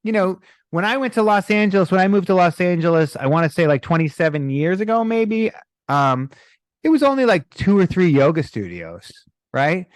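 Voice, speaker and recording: Animated middle-aged man, dry sound. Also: high voice, normal speed, no echo. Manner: animated storytelling, acts out quoted people. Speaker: breathwork coach. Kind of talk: podcast interview.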